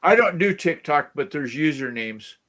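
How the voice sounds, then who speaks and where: An American man joins a live chat and tells stories in a loose, talkative way. His voice sits a little high. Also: lively intonation, normal speed, fairly bright tone. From United States. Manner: storytelling, chatty. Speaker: guest on a livestream.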